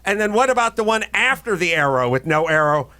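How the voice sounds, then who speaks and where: A man hosting a podcast in a studio, telling a story in casual chat and shouting out the lines he quotes. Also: sits high, sing-song, brisk, dry recording. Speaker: podcast host.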